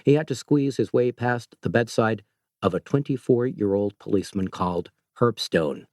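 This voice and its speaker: In clean studio sound with no room echo, a man with a lowish voice narrates an audiobook in a measured, steady reading.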